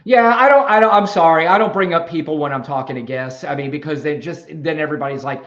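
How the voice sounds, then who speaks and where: A man's voice: fairly high pitch, fairly quick, a bit bright. A man hosting a live stream, arguing with callers in a combative, profane, lecturing way. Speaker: livestream host. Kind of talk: heated live debate stream. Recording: dull lo-fi stream audio.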